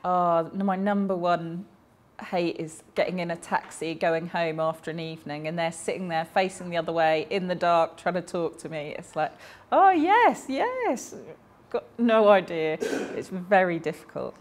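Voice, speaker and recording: Woman voicing someone's stories out loud, chatty, corrects herself now and then. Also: on the low side, little pitch movement, moderate pace. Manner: chatty, anecdotal storytelling with small self-corrections.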